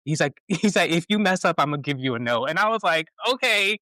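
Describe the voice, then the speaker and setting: A male podcast host, an animated storyteller who laughs often while chatting casually. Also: on the high side, brisk, dry recording, rough recording. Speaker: stage performer. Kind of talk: casual conversation.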